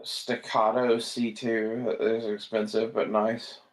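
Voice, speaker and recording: A gun vlogger browses listings and offers laid-back, sleepy commentary that rambles, swears often and trails off into fillers. His voice is lowish and level, and he speaks slowly.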